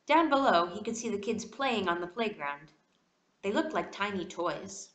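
A woman reading a children's storybook aloud with expressive delivery. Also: mid-range voice, moderate pace, roomy sound. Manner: expressive, animated. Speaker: reader.

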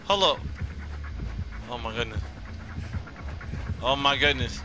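A man hosting his gaming channel, giving casual gameplay commentary with loud, excitable, repeated exclamations. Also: mid-range voice, unhurried, pauses often, a little hiss or hum. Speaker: gaming YouTuber host.

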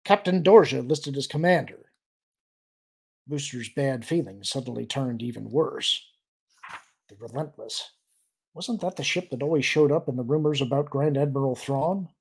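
A man reading a science-fiction novel aloud as a steady audiobook narrator. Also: medium pitch, moderate pace, vocal fry, husky. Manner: steady storytelling delivery. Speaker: audiobook reader. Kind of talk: scripted narration.

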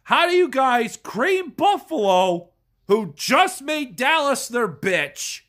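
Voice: sits high, big pitch swings, takes it slowly. Furious, stuffy-nosed sports fan ranting. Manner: furious, yelling and swearing. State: stuffed up from a cold. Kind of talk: angry profane rant.

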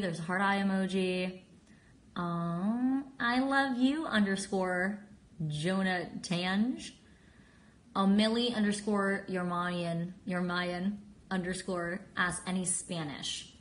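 A bubbly woman in her twenties talks straight into a phone held at arm's length, chatty and quick to giggle. Her voice sits a little low for a woman. A faint hum of room noise runs behind her. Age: 20s. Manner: bubbly and chatty, reads usernames aloud, giggly. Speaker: live streamer answering fan comments. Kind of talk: casual live-stream chat.

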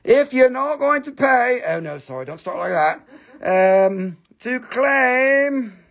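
A man hosting a live sales stream from his home, with rushed, joking sales patter. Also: extremely high pitch, very animated, creaky. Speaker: live-stream seller of rocks and jewelry.

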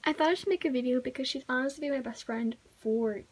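A woman's voice: sits high, fast talker, very noisy. A woman vlogger talking casually to her viewers, rambling with lots of "like" fillers. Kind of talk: casual vlog.

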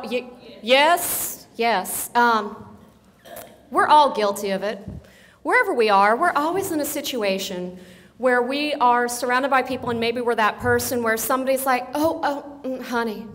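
Blunt, wisecracking woman keynote speaker, higher voice, long hall reverb. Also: fairly bright tone. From Alabama, grew up in Colorado. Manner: brash, blunt and joking, mimics Southern phrases. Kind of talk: conference talk. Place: large meeting room with audience.

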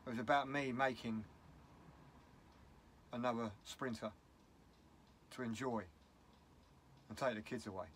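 A man's voice: mid-range voice, steady tone, a little slow, pauses often, fairly bright tone, slight background noise. A middle-aged man with a British English accent, talking in a casual vlog, upset and rambling bluntly. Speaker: vlogger.

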